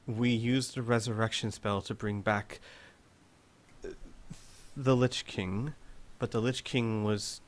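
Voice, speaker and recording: Man playing a quiet grave noble lady, soft and low. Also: fairly even intonation, takes it slowly, long pauses. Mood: calm grave. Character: calm noble woman, gentle and grave.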